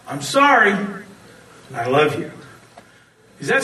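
A man preaching a sermon, telling stories in an animated way and often laughing as he talks. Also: high voice, takes it slowly, long pauses, reverberant, distant mic, low-quality recording. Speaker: pastor.

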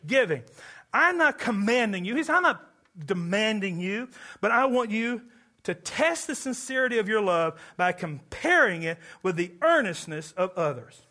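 A man from Kentucky delivers a sermon in church. His voice sits high and sounds bright and forceful. He is animated and jokes with the congregation. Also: moderate pace. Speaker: pastor.

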